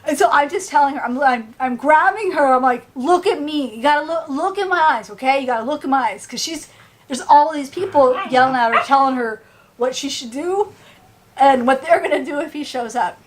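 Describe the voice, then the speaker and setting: A woman's voice: high-pitched, a little fast. A woman vlogging at home, telling a story animatedly and acting out the people in it with raised voices. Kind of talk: casual storytelling to camera. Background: dog at home.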